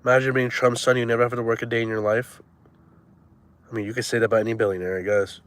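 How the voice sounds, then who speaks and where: A man's voice: mid-range voice, level tone, fast, fairly bright tone. A man in his twenties chatting casually on a live stream in loose, crude, slang-heavy banter. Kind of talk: casual chat.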